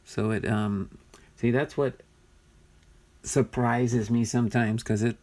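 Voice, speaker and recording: A man's voice: medium pitch, fairly even intonation, takes it slowly, darkish tone. A man casually talking through a box of cards, thinking aloud and muttering as he sorts them. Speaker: card collector vlogger. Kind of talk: casual unboxing commentary.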